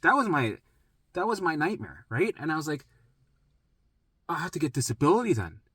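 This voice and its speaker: A man's voice: a little high, big pitch swings, normal speed, a bit bright, slightly rough, dry recording. A man rambling through his own health story in casual, profane, emphatic storytelling. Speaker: vlogger sharing a health journey.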